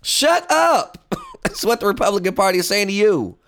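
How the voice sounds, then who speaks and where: Animated high-voiced male political commentator. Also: quick pace, a little hiss or hum. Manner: animated, mocking, swings from loud outbursts to low earnest tones. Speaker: talk show host.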